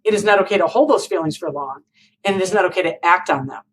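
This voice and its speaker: A woman in her forties appears as a guest on an interview show, earnestly telling a personal story with open emotion. She keeps it conversational, checking in with "right?" and "you know?". Her voice is lowish and husky, she talks fast, and the recording is rough.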